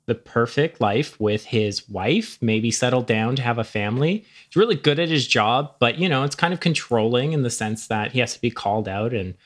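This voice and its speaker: A man's voice: mid-range voice, expressive, moderate pace, few pauses. A man co-hosting a casual movie review chat, laid-back and rambling. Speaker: podcast co-host.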